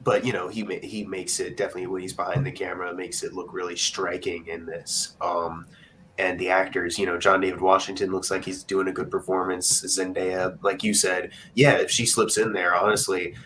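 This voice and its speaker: Young man, very low voice, rambling movie chat, faint hiss. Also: little pitch movement, fairly quick, fairly bright tone, low-quality recording. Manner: rambling, full of fillers and restarts. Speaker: co-host. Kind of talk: casual film chat.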